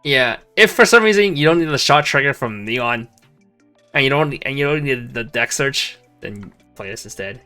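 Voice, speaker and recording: A man's voice: medium pitch, expressive, normal speed, pushed and bright, smooth, soft background music. A man with a Canadian accent co-hosting a card review show, explaining rulings in casual chat and often restarting his sentences. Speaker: co-host reviewing cards.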